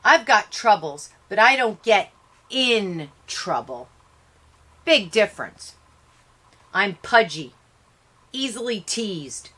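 Slow, bright-voiced woman reading aloud. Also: mid-range voice, breathy edge. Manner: expressive reading in short paced phrases. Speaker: teacher reading a novel aloud. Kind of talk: read-aloud lesson with explanations.

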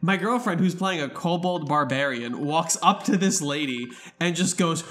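A man casually telling a funny tabletop game story to friends, animated and laughing, acting out shouted lines. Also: fairly high pitch, moderate pace.

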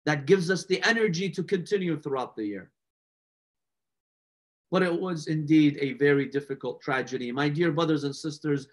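A man delivers a mourning sermon in a fairly high voice. He tells the story with slow, deliberate emphasis and rising passion. He keeps turning to his listeners with direct rhetorical questions. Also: a bit bright. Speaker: religious lecturer.

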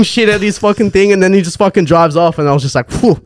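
A man's voice: high-pitched, fast talker, no echo, clean studio sound. A young Australian man hosting a podcast, telling a long story in a casual, sweary way and acting out the voices. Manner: sweary, laughing, acts out voices in his stories.

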